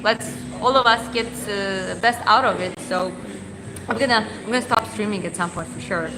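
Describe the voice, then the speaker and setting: A woman chatting casually on a live stream as a fitness coach, talking in halting bursts full of fillers and restarts. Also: medium pitch, background noise. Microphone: clip-on mic put on mid-stream.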